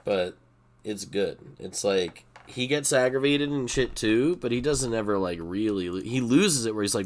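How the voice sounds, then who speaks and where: A deep-voiced, middle-aged man streams poker and talks to his chat in a loose, rambling way. He swears freely and gets excitable, with keyboard typing heard behind him. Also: moderate pace. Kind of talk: casual live-stream chat.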